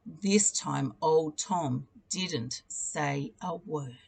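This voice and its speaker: A teacher reading a children's picture book aloud, telling the story expressively and leaning into its repeated refrains. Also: female voice, low-pitched, extremely slow, vocal fry, a little mellow, husky.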